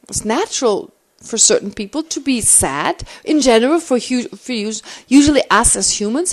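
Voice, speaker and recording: A middle-aged woman, a Buddhist teacher, answering questions in a teaching, thinking aloud with animated restarts. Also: on the high side.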